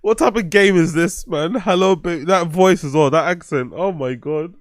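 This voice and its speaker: A man's voice: a little high, moderate pace, dry recording, studio quality. A man with a London accent hosting a show, reacting to a clip with loose, laughing commentary, heavy slang and swearing. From England. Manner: laughs a lot, swears freely, street slang. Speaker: show host. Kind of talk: casual commentary over a clip.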